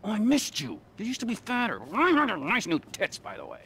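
A man's voice: high-pitched, huge pitch swings, normal speed, pushed and bright, slight background noise, exaggerated voice. An actor playing a volatile, menacing male criminal in a video game cutscene, talking in a mocking, sarcastic way. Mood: mock cheerful. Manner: mocking, sarcastic, lurches between sneer and fake cheer.

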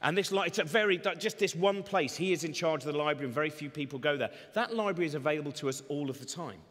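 A man's voice: on the high side, animated, quick pace, a bit bright. A man doing a comedy talk on stage, rambling energetically with sardonic asides. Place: large event hall. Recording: long reverb of a large hall.

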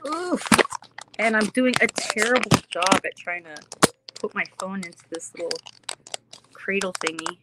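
A woman's voice: medium pitch, unhurried, pauses often, very noisy. A woman chatting casually with viewers on a live stream from her phone, bubbly and effusive, often slipping into a little kid voice.

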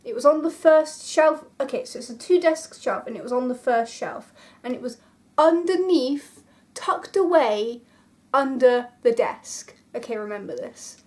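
A young woman with a high voice tells a story for her vlog. She is casual and animated, building suspense with dramatic asides and exclamations. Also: unhurried. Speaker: vlogger.

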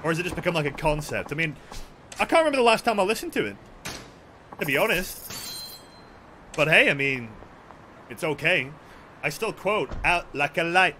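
A young man gives let's-play commentary while streaming a game, swearing freely, joking and reading out the game text. His voice is on the high side, bright and forceful, with a sing-song lilt, normal speed and frequent pauses. There's slight background noise.

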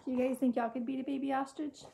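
A woman teacher, reading a storybook aloud to children in a gentle, chatty way and asking them questions. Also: high voice, little pitch movement, fast talker, creaky, slight background noise.

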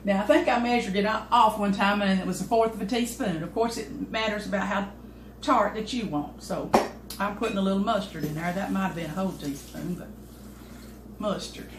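A woman's voice: mid-range voice, a little fast, background noise. Older lady cooking at home, chatty and folksy, roomy kitchen w/ pots and pans clanking. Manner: folksy, chatty, talks to the cameraman while cooking. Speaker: home cooking channel host. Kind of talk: casual home cooking demonstration. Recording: echoey kitchen with clattering dishes.

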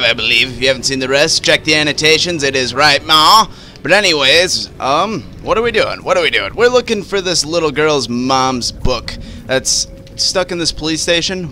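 Lively, bright-voiced gaming host, man. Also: medium pitch. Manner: animated, playful and profane, talking over gameplay. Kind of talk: casual let's-play commentary.

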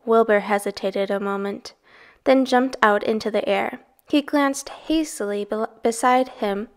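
A woman reading a children's novel aloud in a soft, even storytelling voice. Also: fairly high pitch. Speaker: reader.

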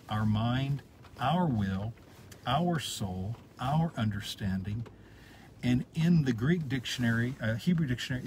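A male pastor preaching a sermon, stacking repeated phrases and slowing down on the key words. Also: mid-range voice, darkish tone, a little hiss or hum, low-quality recording. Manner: repetitive building cadence, slows on key words.

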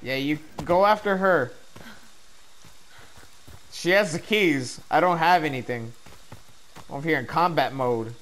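A man hosting a casual gameplay session, swearing, laughing and shouting in panic. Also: fairly high pitch, a little slow, long pauses, poor audio. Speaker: gaming channel host.

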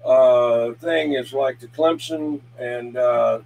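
A man chatting casually and calling out loudly over a CB radio. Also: mid-range voice, slow pace, vocal fry, low-quality recording. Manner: folksy, calls out loudly over the air. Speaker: CB radio operator. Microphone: CB radio handset. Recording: CB radio with loud static.

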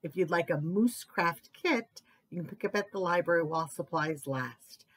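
A woman librarian reading picture books aloud in an animated, expressive way for children's story time. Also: fairly low pitch, moderate pace.

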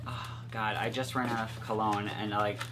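A man co-hosting a casual vlog at home, opening fan mail and bursting into excited exclamations. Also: on the low side, a little fast. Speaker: vlog co-host.

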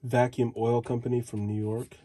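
Mellow-voiced man reading old ads aloud. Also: mid-range voice, level tone, normal speed, a little hiss or hum. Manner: reads headlines aloud in fragments with offhand asides. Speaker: reseller flipping through old magazine ads.

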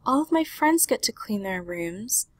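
A small, whiny boy piglet pleads in a husky voice and drawn-out words, as a woman reads him aloud. He sounds like a storybook pig, and the dry recording holds no room sound. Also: medium pitch, sing-song, no room sound. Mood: pleading. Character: neat little boy pig who loves tidying.

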